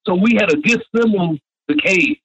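A man's voice: sits high, normal speed, a bit bright, husky. A man in his sixties, a retired pro wrestler, telling rambling stories in an interview. He often repeats "and stuff like that.". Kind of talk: anecdotal storytelling. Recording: dull lo-fi radio sound.

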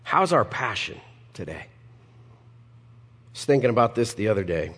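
A male pastor preaching a sermon, animated and personal, with humorous asides and acted-out quotes. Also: fairly low pitch, moderate pace, big-room sound.

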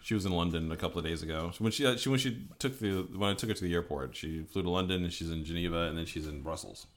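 A man in his forties co-hosting a podcast in casual comedic chat, quick and wry. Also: low voice. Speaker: podcast co-host.

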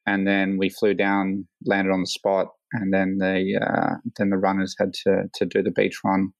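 An Australian man with a fairly low voice tells a long story in a relaxed interview, leaning on fillers and slipping into livelier voices when he quotes people. The sound is dry and close, with no room echo. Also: normal speed, creaky. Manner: rambling, many fillers, animated quoting. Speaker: hang glider pilot, guest.

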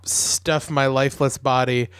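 A man's voice: medium pitch, level tone, measured pace, fairly bright tone, smooth, no room sound, studio quality. A man co-hosting a casual podcast, teasing his partner with wry, playful jokes. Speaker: podcast co-host.

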